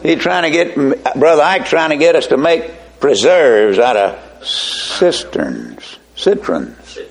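Slow, lively preacher man. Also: a little high, vocal fry. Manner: slow, emphatic preaching with folksy asides. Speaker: pastor. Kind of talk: sermon.

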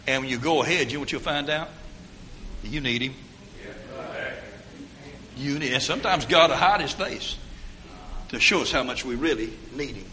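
A man's voice: medium pitch, moderate pace, pauses often, sharp tone, a little hiss or hum. Folksy older preacher man. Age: 60s. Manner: rambling folksy anecdotes, down-home grammar. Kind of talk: folksy storytelling sermon.

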